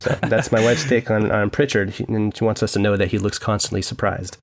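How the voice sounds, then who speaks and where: A man's voice: lowish voice, brisk, slight background noise. A young man from the Seattle area, co-hosting a podcast in casual, joking, rambling chat. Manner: rambling, joking, animated storytelling. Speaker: podcast co-host.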